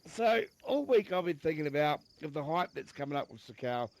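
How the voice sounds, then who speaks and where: A man's voice: a little high, very animated, brisk, a little mellow, no room sound. A man on a podcast panel, raising a thoughtful, rambling question in casual chat.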